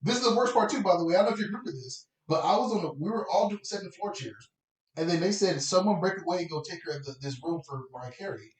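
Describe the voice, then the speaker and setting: A man telling a story at a fast clip, swearing freely and getting louder as he goes. His voice sits a little high and sounds set back from the mic in an echoey room. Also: distant mic. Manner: animated, profane, rising pitch when worked up. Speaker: podcast co-host. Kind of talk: casual storytelling chat.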